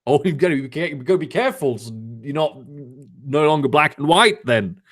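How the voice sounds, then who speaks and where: A young man reads a story aloud on a live stream and keeps stopping to mock it in a sarcastic, foul-mouthed way. His voice sits a bit high and swings a lot in pitch. He also chats with his viewers between lines. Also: moderate pace. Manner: sarcastic, swearing, animated asides. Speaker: streamer reading fanfiction aloud. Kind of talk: comedic live-stream reading with commentary. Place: home, lives in Germany.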